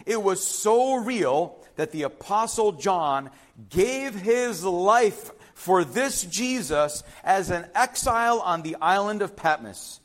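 A man's voice: high-pitched, lively intonation, slow pace, fairly bright tone. A man preaching a sermon, emphatic, repeating key phrases and putting questions to the congregation. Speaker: pastor.

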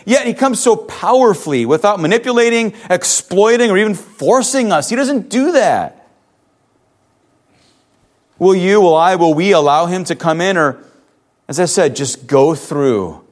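A man preaching a sermon, earnest, rising to emphatic questions and dropping soft when he tells a story. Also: high-pitched, lively intonation, unhurried. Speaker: pastor.

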